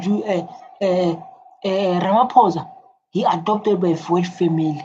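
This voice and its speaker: A woman hosting a reaction video, talking in animated, repetitive casual commentary with a husky voice. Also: mid-range voice, normal speed, highs cut off, slight background noise. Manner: animated, repeats phrases, many fillers and restarts.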